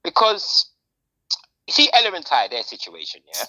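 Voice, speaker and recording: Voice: medium pitch, huge pitch swings, moderate pace, sharp tone, rough recording. A podcast host, chatting casually in slang and repeating phrases for emphasis. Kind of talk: casual chat.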